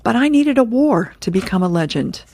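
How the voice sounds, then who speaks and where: A woman's voice: a little high, very animated, fairly quick, a little mellow, voice pushed up. A woman reading the lines of a gloomy, self-important old army general. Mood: mopey.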